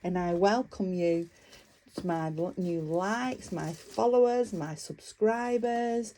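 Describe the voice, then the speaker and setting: A woman's voice: on the low side, slow pace, mellow. A woman vlogger chatting casually about her craft work, enthusiastic and rambling, with frequent fillers. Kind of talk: casual show-and-tell chat.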